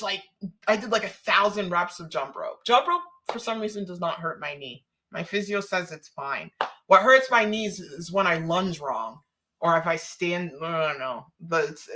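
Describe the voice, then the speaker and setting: Bright-voiced woman chatting on a live stream. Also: mid-range voice. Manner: chatty, rambling, laughs often, reads viewer comments. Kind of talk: casual live stream chat.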